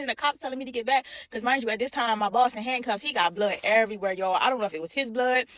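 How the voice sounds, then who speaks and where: Young woman, casual storyteller; quick delivery, bright-ish high voice, keeps repeating lines. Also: no echo. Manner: animated, repeats herself, addresses viewers as y'all.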